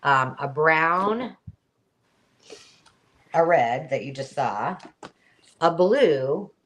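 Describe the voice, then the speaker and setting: A woman with a low, unhurried voice hosts a live craft sale. She chats her way through each item, pointing out details as she picks them up, in no hurry at all. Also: lively intonation, a bit bright. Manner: chatty, describing items while handling them. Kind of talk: live selling chat.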